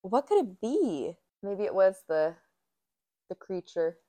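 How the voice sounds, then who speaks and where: A young woman co-hosting a podcast in casual chat, reacting quickly and swearing freely. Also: mid-range voice, very animated, mellow. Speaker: podcast co-host.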